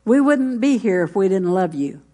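A woman's voice: mid-range voice, animated, normal speed, warm tone. A middle-aged woman pastor, preaching a folksy sermon full of stories. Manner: folksy, storytelling, with congregation responses.

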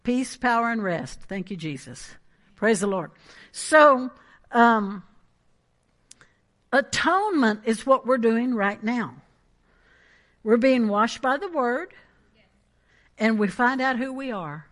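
A woman preaching a sermon in an animated, emphatic way, with asides and laughs. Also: fairly high pitch, slow pace, pauses often.

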